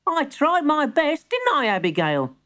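A woman's voice: high voice, wildly swooping pitch, a little slow, fairly bright tone, voice pushed up, heavily acted. A woman voicing a polite, earnest little boy who does his granny's shopping in a storybook. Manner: eager and polite. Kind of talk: storybook character voice.

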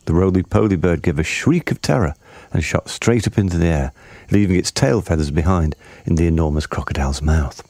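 Deep husky man reading a storybook. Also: fairly quick, dark tone, no echo. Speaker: narrator.

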